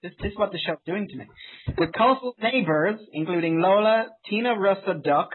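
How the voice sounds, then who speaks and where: Husky-voiced man, sarcastic. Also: sits high, fairly quick. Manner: sarcastic, exaggerated rants. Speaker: podcast co-host. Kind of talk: casual chat. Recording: phone-like narrow sound.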